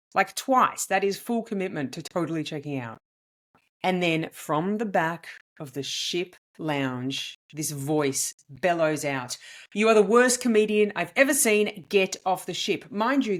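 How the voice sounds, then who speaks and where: A woman with a slightly low voice tells a story as a podcast host. Her delivery is animated and emphatic, with sudden leaps up in pitch on the words she wants to land. She speaks as a comedian recounting her own experience. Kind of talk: storytelling monologue.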